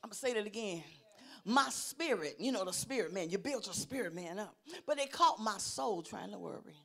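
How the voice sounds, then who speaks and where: A middle-aged woman pastor preaching a sermon, swinging from loud declarations to low, quiet asides and calling out for responses. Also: animated, fairly quick, vocal fry.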